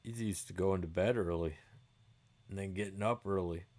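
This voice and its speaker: This middle-aged man's voice sits low with a darkish tone, moving at a moderate pace. He hosts a livestream, casually chatting through viewer comments while swearing and laughing easily.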